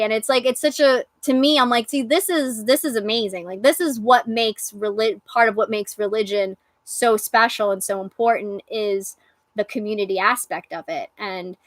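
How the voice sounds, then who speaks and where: A woman's voice: fairly high pitch, fairly bright tone, no echo. A young woman from New York hosting a live stream, talking earnestly and emotionally to her viewers. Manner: earnest, emotional, reads out chat comments. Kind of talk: casual live stream chat.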